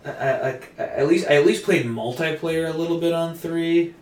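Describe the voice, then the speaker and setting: A man's voice: a little high, moderate pace, distant mic, slight background noise. A man co-hosting a casual chat, mostly asking short questions and reacting. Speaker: podcast co-host. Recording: roomy echo.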